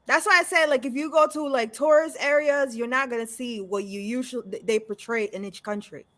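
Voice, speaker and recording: A woman's voice: sits high, fairly quick, a bit bright. A woman from El Salvador chatting as co-host on a call-in show, insistent and laughing. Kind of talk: casual radio chat.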